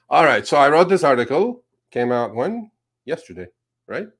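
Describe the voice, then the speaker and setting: A man of medium pitch, very animated yet measured in pace, sarcastically vents about driving rideshare while co-hosting a casual show. He uses many fillers and restarts, and the sound is slightly rough.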